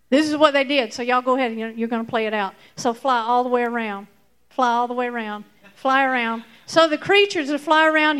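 A woman teaching a lively Bible lesson to children, acting out the story with fillers and bursts of excitement. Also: sits high.

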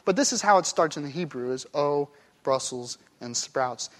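A man's voice: on the high side, expressive, moderate pace. A man preaching a sermon as pastor, playful and demonstrative, acting out one phrase in many different tones of voice. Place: church sanctuary.

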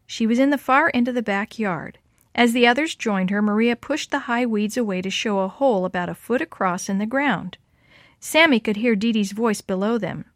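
A woman's voice: a little high, normal speed, no echo, studio quality. Woman reading a children's story. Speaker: narrator.

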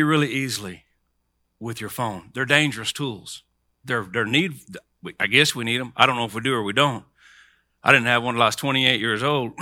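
Middle-aged male preacher, crisp dry sound, bright tense tone, talks the crowd through call-and-response. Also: mid-range voice, dry recording. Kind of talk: sermon.

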